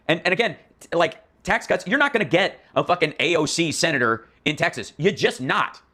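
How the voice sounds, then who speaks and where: A man's voice: fairly high pitch, sharp tone. A man hosting a political commentary stream, ranting in a profane, mocking, exasperated way with many restarts and asides.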